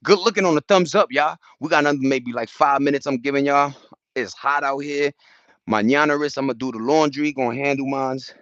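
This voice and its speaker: Talking fairly quickly at medium pitch, this livestream host rants outdoors to his chat. He's animated, speaks in profane street slang, and imitates other people's quotes. The audio is dull with no room sound.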